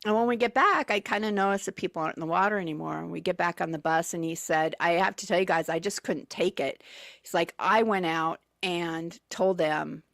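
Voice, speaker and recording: A woman's voice: on the low side, fairly quick, vocal fry, a bit bright, no room sound, clean studio sound. A woman telling travel stories as a guest on a radio show, chatty and full of fillers and restarts. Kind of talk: casual radio chat. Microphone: studio microphone.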